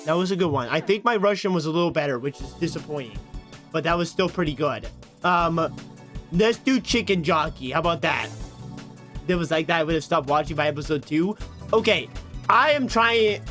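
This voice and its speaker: A man's voice: on the high side, lively intonation, fairly quick, a bit bright, soft background music. A man streaming casually, flustered and self-mocking as he talks through his voice attempts aloud. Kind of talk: casual livestream chat.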